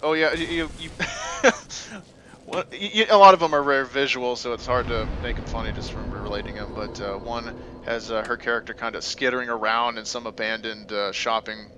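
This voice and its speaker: A man's voice: medium pitch, steady tone, fairly quick, background noise. A man co-hosting a gaming video, telling rambling stories with lots of uhs and restarts. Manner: rambling storyteller, many fillers and restarts. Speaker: co-host of a gaming let's play. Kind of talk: casual gaming chat.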